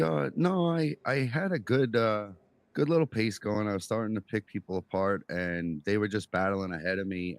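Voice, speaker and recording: A man talks through his winning race, relaxed and stoked. His voice is low and deep, recorded close and dry with no room sound. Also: no echo. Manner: enthusiastic, relaxed. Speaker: sim racing driver, race winner. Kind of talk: post-race interview.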